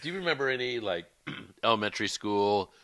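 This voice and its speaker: Bright-voiced man in casual faith talk. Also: lowish voice, lively intonation, brisk, no echo. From California. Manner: conversational, reads scripture aloud, jokes lightly. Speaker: podcast co-host.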